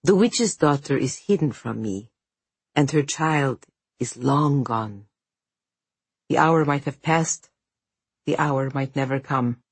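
A woman voicing a cold, quiet menacing stranger. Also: a bass voice, lively intonation, takes it slowly, long pauses, husky, no room sound, full character voice. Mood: brooding. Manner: quiet, cool, dryly humorous threats. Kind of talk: audiobook character voice.

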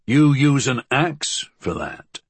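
A man's voice: mid-range voice, very animated, slow pace, breathy edge, dry recording, voice pushed up, exaggerated voice. A man voicing a stern, blunt investigator who speaks in short, hard lines.

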